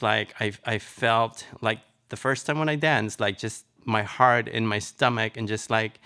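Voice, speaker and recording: A middle-aged man from Nicaragua telling his life story in an interview, chatty and animated, with lots of fillers. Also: lowish voice, vocal fry, clean tone. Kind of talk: personal storytelling.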